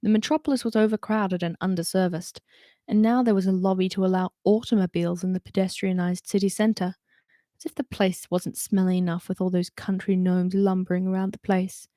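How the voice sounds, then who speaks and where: A woman reads a novel aloud at a middle pitch and adds chatty asides between the passages. The sound is close and dry. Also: fairly even intonation, a little fast, dark tone, no room sound. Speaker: reader. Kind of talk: reading a novel aloud with character voices.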